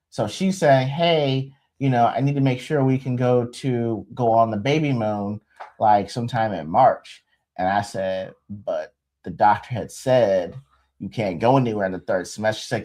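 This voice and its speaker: Casting: young man, middle-pitched voice, casual storyteller, lots of restarts. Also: darkish tone. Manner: rambling, joking, with many restarts and laughs. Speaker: co-host, expectant father. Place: home livestream.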